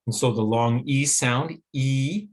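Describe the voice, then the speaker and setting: A teacher with a Western American accent delivers a phonetics lecture in a man's voice of ordinary middle pitch. He talks a little slowly, explaining with patience and drawing out every vowel he demonstrates.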